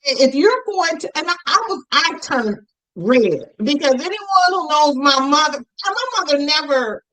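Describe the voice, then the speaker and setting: A woman author chatting as a podcast guest, telling animated stories and acting out her parents' voices. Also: sits high, a little slow, poor audio. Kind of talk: casual podcast conversation.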